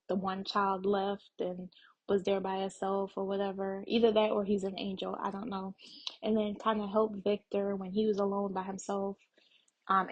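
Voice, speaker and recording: This is a young adult woman hosting a reaction video, her voice slightly husky and breathy at an ordinary middle pitch. She talks straight to her audience in a relaxed, conversational way. She muses through her theories with frequent fillers. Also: poor audio. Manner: chatty, addresses viewers directly, thinks aloud with fillers. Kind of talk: casual TV reaction commentary.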